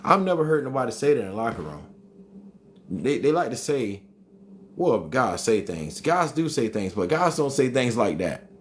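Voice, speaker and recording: A man's voice: medium pitch, sing-song, moderate pace, a little hiss or hum. A man hosting a live stream, reading chat comments aloud and arguing back with emphatic repetition. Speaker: livestream host reading chat.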